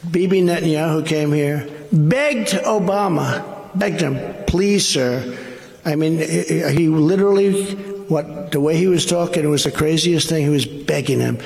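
A man gives a campaign rally speech as a political candidate, rambling and repeating himself with a boastful edge. His voice is a bit higher than most men's. A long reverb from a large hall trails behind every phrase. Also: normal speed, vocal fry, a little mellow.

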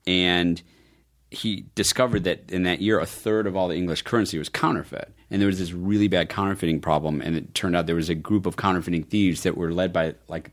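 A man guest in a casual interview, telling stories in a lively way and voicing quotes in a higher tone. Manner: animated storyteller, acts out quotes in a higher voice. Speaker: film producer guest.

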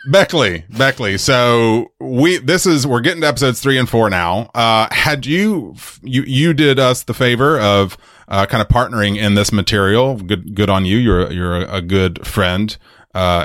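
A man's voice: fairly low pitch, a bit bright, no room sound, studio quality. A man co-hosting a podcast in giggly, rambling casual chat. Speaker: podcast co-host.

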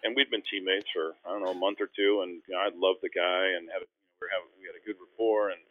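A man with a lowish voice tells quick, animated basketball stories as a radio guest. He talks fast over a tinny phone line, slipping into the voices of the people in his stories. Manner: animated storyteller, acts out quoted voices. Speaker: former basketball player, guest. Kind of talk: casual storytelling on a radio call-in.

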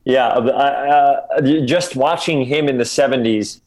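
A man's voice: medium pitch, unhurried, darkish tone. Enthusiastic male podcast guest. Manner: enthusiastic, reverent, chatty. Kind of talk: casual chat.

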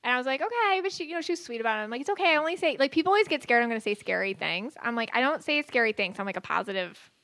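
Chatty woman psychic with a high voice. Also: rapid-fire, few pauses, no echo. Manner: chatty, animated, laughs often. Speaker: psychic podcast co-host. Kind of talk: casual chat and storytelling.

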